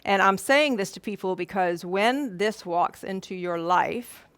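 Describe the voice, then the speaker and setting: A middle-aged woman telling a personal story to a live audience, earnest and animated, repeating words for emphasis. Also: medium pitch, unhurried, clean tone, dry recording. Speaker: speaker. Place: event room or hall with an audience.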